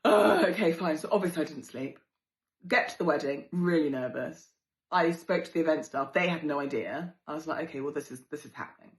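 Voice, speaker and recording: A British woman hosting a podcast, telling a story in a chatty, expressive way, swearing freely and jumping into exaggerated voices for the people she quotes. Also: low-pitched, fairly quick, roomy sound. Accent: British English. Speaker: podcast host. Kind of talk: casual storytelling.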